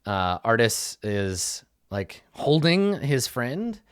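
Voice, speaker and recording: A man's voice: medium pitch, sing-song, slow, clean tone, no echo, clean studio sound. A man narrating a tabletop game as dungeon master, casual and loose with many fillers.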